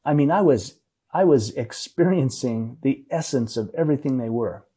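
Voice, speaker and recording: A middle-aged man, a podcast guest, telling an emotional personal story in a halting way, often repeating words. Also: medium pitch, expressive, dark tone, husky.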